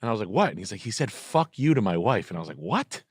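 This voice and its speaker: Rambling man with a lively, swinging voice. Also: fairly low pitch, fast talker, husky, dry recording, clean studio sound. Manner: rambling storyteller, lots of "like" and "I was like". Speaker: podcast host. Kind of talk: casual chat.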